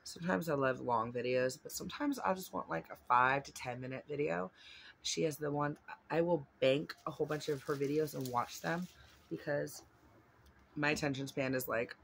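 A woman's voice: deep voice, normal speed, creaky, a little hiss or hum. A woman vlogger chatting casually while unboxing gifts at home, rambling and gushing with lots of fillers.

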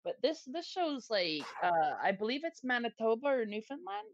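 A woman's voice: on the high side, sing-song, normal speed, no room sound. A woman from Canada, a podcast guest, talking bluntly in casual chat with plenty of swearing. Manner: blunt, heavy swearing, emphatic. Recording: dull lo-fi dry sound.

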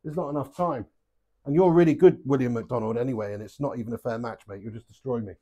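A man's voice: medium pitch, fast talker, dark tone, slightly rough. A young man hosting a live darts stream, chatty and joking, swearing freely and calling viewers lad and mate. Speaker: live stream host playing webcam darts. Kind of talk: casual live-stream chat.

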